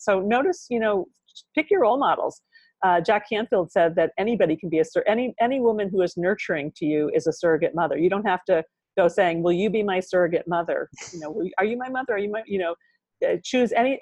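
A woman's voice: fairly low pitch, lively intonation, quick pace, darkish tone, no echo. An older woman talking as a podcast guest and author, rambling and full of sayings and "you know". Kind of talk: candid interview conversation.

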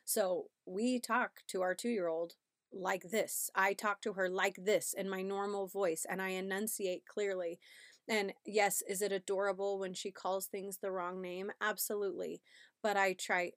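A woman's voice: mid-range voice, little pitch movement, measured pace, no echo, studio quality. A pregnant woman in her thirties hosting a casual parenting podcast, chatty and upbeat, often checking in with "right?". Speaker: podcast host.

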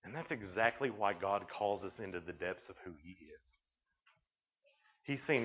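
A man with a fairly low voice preaches to young people through homespun stories. He talks in a loose, chatty way and slips into little voices for the people in his tales. The recording is dull and lo-fi. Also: lively intonation, normal speed, long pauses, a bit bright, husky. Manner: folksy, chatty, acts out dialogue in quotes. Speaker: youth speaker. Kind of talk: storytelling sermon.

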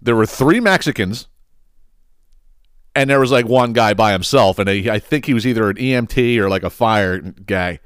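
A man's voice: lowish voice, normal speed, fairly bright tone, clear, resonant tone, no echo, studio quality. A man hosting a podcast, telling a rambling, profane story in a casual monologue and laughing as he goes. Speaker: podcast host.

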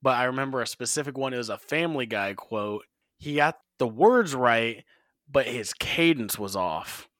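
A man's voice: medium pitch, expressive, normal speed, fairly bright tone, no room sound, studio quality. A man co-hosting a podcast, telling rambling stories in a casual chat and swearing freely. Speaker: podcast co-host.

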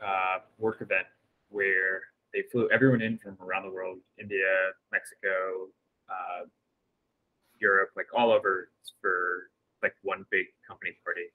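A man's voice: deep voice, little pitch movement, unhurried, narrow, tinny audio. A man in his twenties co-hosting a podcast over a video call, chatting in an upbeat, rambling way with lots of fillers. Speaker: podcast co-host. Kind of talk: casual chat.

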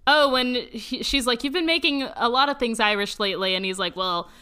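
A woman's voice: fairly high pitch, brisk, pushed and bright, clean tone. A young woman co-hosting a casual sitcom recap chat, playful and jokey, laughing as she talks. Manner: playful, jokey, does mock voices and laughs. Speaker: podcast co-host.

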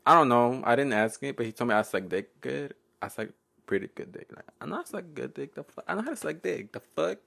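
A man's voice: medium pitch, expressive, brisk, gravelly. Giggly young man. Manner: playful, giggly, code-switching, often loud and laughing. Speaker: podcast host. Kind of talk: casual solo podcast storytelling.

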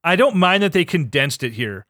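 A man co-hosting a podcast in casual chat, animated and swearing, acting out his reactions. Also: on the high side, normal speed, no room sound, studio quality. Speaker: podcast co-host.

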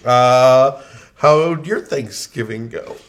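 A man's voice: medium pitch, takes it slowly. A young man from the American Midwest, co-hosting a casual podcast with loose, crude talk and stammering restarts. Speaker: podcast co-host. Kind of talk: casual banter.

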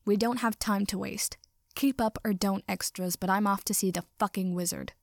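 A woman's voice: medium pitch, fairly even intonation, moderate pace, vocal fry, dry recording, studio quality, natural voice. A woman reading the lines of a fierce, vengeful young male vampire in a storybook, curt and commanding.

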